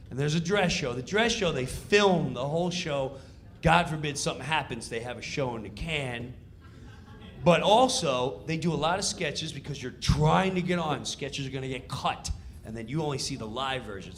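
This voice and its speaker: Casting: middle-aged comedian, bright, lively storytelling voice, loud and animated. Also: male voice, a little high. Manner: animated, loud, acting out scenes. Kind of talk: stand-up storytelling.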